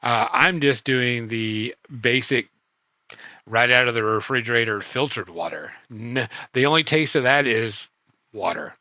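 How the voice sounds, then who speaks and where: A man's voice: mid-range voice, measured pace, pushed and bright, dry recording, dull audio. A man hosting a casual stream chat, loose and rambling, full of ums and uhs. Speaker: podcast host.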